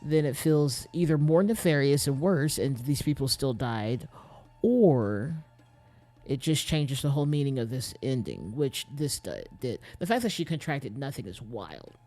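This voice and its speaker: A man's voice: mid-range voice, expressive, measured pace, dark tone, soft background music. A man streaming a mystery game, thinking aloud, restarting sentences and reading in-game letters aloud with small stumbles.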